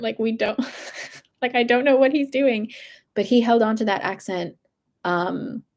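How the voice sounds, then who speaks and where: A woman's voice: mid-range voice, a little mellow. A young woman hosting a book channel livestream from her room, chatting casually and meandering with lots of fillers.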